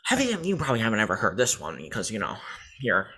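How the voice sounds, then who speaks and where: A man's voice: fairly low pitch, wildly swooping pitch, quick pace, sharp tone, slightly rough, heavily acted. A man putting on the Joker, a taunting male villain who sneers at his listener. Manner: sneering, taunting, breaks into giggles.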